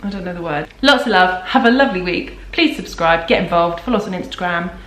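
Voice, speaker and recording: A woman's voice: lowish voice, fast. A young pregnant woman vlogging casually, rambling and self-deprecating, tired. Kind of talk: casual vlog chat. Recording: very echoey room.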